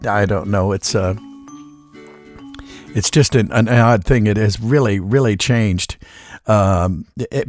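A voice actor in his sixties, a guest in an interview, talks in a relaxed, folksy way with a lowish voice. He shares anecdotes, now and then acting out a voice.

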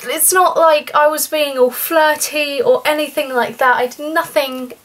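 A woman's voice: steady tone, moderate pace. Chatty young woman telling a story. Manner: chatty and indignant, rising pitch when outraged. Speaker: vlogger. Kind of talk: story time vlog.

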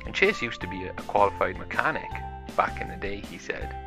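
A man's voice: on the low side, expressive, brisk, creaky, music in the background. A man improvising a toy play story, narrating it in a chatty, plain way.

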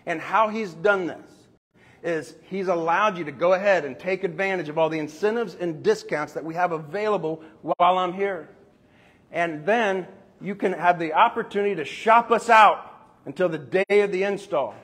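A man telling sales stories to a group, acting out short bits of dialogue with customers in an animated way. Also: sits high. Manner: animated, acts out customer dialogue in quick asides. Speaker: roofing company owner sharing sales tactics. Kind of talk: storytelling sales talk.

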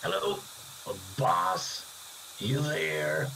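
An actor playing a chatty, dim-witted hired killer in an amateur video-call play, talking in a rambling, eager-to-please way. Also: male voice, on the high side, big pitch swings, extremely slow, gravelly, bright, forceful tone, a little hiss or hum, full character voice. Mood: puzzled.

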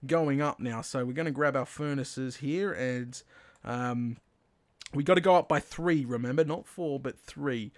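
Aussie guy doing minecraft commentary, lively bouncy voice, gets super hyped and yells when stuff works. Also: fairly high pitch. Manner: talks himself through building, bursts into excited shouts and laughs when things work. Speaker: gaming channel host. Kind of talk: Minecraft let's play commentary.

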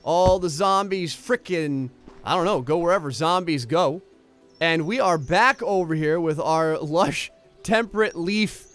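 A young man giving casual commentary on a building game he is playing, excitable and jumping between mumbled asides and loud exclamations. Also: fairly high pitch, measured pace, soft background music. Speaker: gameplay YouTuber.

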